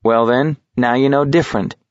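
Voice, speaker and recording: A man's voice: mid-range voice, normal speed, dry recording, dull audio, natural voice. A male narrator voicing a tired young man who answers shortly and curtly. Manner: short, curt replies. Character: tired, sullen young man with a curt temper.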